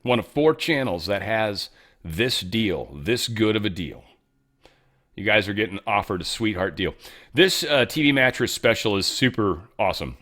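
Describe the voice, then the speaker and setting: A man's voice: on the low side, moderate pace. A man hosting an online talk show, talking in a loose, rambling way with many asides. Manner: animated, rambling, fond of asides. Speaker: show host. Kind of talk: casual political commentary.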